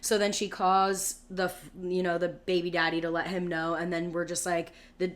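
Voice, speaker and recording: A woman's voice: lowish voice, flat delivery, normal speed. A woman in her thirties co-hosting a podcast, telling a long story in casual chat with lots of "like" fillers and acted-out quotes. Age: 30s. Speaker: podcast co-host.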